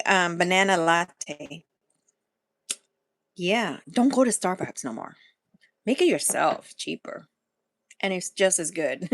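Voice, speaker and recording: A woman's voice: fairly low pitch, dry recording. A woman hosting a casual live-stream chat for her food channel, rambling and laughing often as she talks straight to her viewers while sipping coffee.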